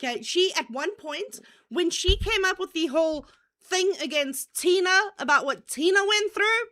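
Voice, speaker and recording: A woman's voice: very high-pitched, expressive, a bit bright. A woman co-hosting a casual chat, blunt and profane in her opinions. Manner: blunt, profane, quick to agree.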